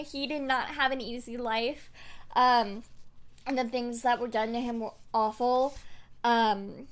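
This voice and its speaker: A woman's voice: a little high, fairly even intonation, a little slow. Chatty young woman book vlogger. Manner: chatty, rambling, many fillers and restarts. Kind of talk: casual to-camera chat. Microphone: desk microphone.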